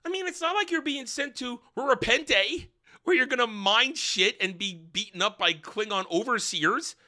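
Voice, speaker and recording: A man voicing a panicked mother in a mocking, shrieking falsetto parody. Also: normal speed, pushed and bright, heavily acted. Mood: sarcastic panic. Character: shrill panicked mother, a sci-fi prisoner, woman.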